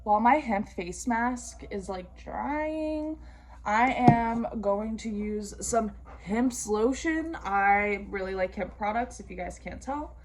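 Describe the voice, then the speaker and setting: A woman's voice: mid-range voice, slow, very noisy. A young adult woman vlogging, chatting casually through a storytime while she does her skincare, slangy and profane with comic asides.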